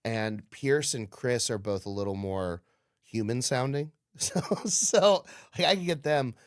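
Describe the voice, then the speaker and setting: A man hosts a loose comedy podcast, his pitch bouncing all over as he jokes. He banters crudely and laughs a lot, and his voice sits dry and close with no room sound around it. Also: measured pace, no room sound. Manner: animated, crude banter, laughs often and slips into goofy voices. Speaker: podcast host. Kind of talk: casual comedy podcast chat.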